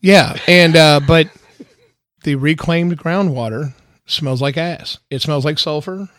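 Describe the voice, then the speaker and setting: A man's voice: a little high, slow, fairly bright tone, dry recording. Easygoing Kentucky man, dry close sound. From Louisville, Kentucky. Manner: laid-back storyteller, crude jokes. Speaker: guest drummer. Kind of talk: casual podcast chat. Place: outdoors.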